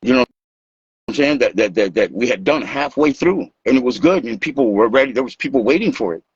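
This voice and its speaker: A man from Los telling stories in an animated, casual way, acting out what people said and swearing freely. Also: medium pitch, brisk, slightly rough, no room sound. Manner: animated, acts out quotes, swears freely, laughs. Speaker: guest, dancer and music maker. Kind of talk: casual storytelling interview. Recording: dull lo-fi sound.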